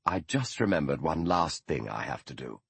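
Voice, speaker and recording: A man reading the part of Sherlock Holmes, an earnest, shaken detective who asks halting, urgent questions. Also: extremely low pitch, expressive, vocal fry, fairly bright tone, breathy edge, no echo, full character voice. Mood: polite.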